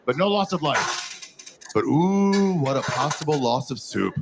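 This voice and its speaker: A young male comedian performs a stand-up set with a lively, swooping delivery, talking straight to the crowd. His voice has a gravelly edge. Loud ambient noise sits under the live stage recording. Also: a little high, a little slow. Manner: animated storytelling with crowd work and swearing.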